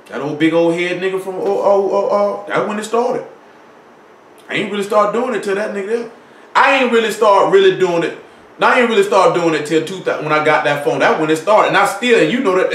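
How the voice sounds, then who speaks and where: A man's voice: sits high, a bit bright. A man preaching a sermon in a casual, conversational way, asking his listeners rhetorical questions and reading scripture aloud. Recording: echoey room, mic at a distance.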